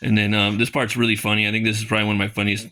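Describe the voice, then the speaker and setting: A man's voice: on the low side, flat delivery, racing, sharp tone, a little hiss or hum. A man casually reviewing a comic page by page, rambling with lots of fillers and reading dialogue aloud.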